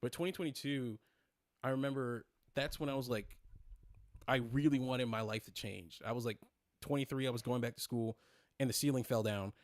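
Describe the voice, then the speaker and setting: A man's voice: medium pitch, fairly even intonation, normal speed, no echo, studio quality. A man in his twenties hosting a casual livestream chat, rambling and profane, full of fillers and restarts. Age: 20s. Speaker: streamer host.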